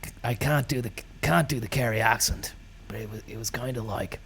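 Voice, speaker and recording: A man delivering a rambling, deadpan comic monologue full of absurd tall tales and casual swearing. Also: mid-range voice, fairly quick, vocal fry, breathy edge. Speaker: comedy podcast host.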